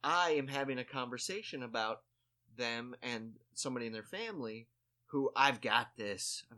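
A man's voice: mid-range voice, expressive, moderate pace, sharp tone. A man telling a story in casual chat, rambling with lots of "like" and restarts and poking fun at himself. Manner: rambling, full of "like" and restarts, self-mocking.

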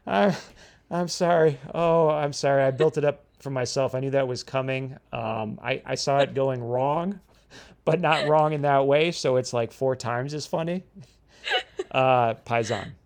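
A man's voice: mid-range voice, a little slow, darkish tone. A man co-hosting a casual podcast who playfully coaches his co-host on a word and laughs a lot. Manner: teasing, coaching pronunciation, frequent laughter.

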